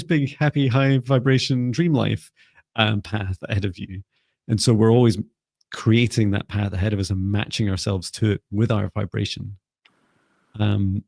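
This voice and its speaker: A man hosting a live psychic reading, speaking gently and calmly with frequent ums. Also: fairly low pitch, vocal fry, no echo, clean studio sound. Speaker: psychic mentor, co-host.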